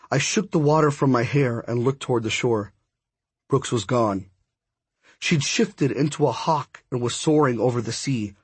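A man narrating a first-person audiobook in a steady storytelling voice. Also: medium pitch, slightly rough, no room sound.

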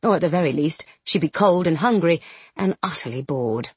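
A woman reading a novel aloud as an audiobook narrator, measured and expressive. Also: low-pitched, husky, no room sound. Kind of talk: scripted narration.

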